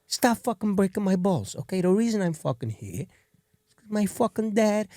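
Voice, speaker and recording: A man's voice: high voice, big pitch swings, normal speed, dark tone, no echo, clean studio sound, pitched above the performer's own voice. A man voicing a hot-headed, swearing Italian mobster in a podcast bit. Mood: irritated. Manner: aggressive, swearing, repetitive.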